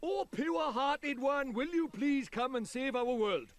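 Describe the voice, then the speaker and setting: A brash Welsh fairy lord. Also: male voice, extremely high pitch, unhurried. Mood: chatty. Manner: sing-song, brash, rambling. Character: cheeky little male fairy lord, boastful and chatty. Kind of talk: video game voice acting.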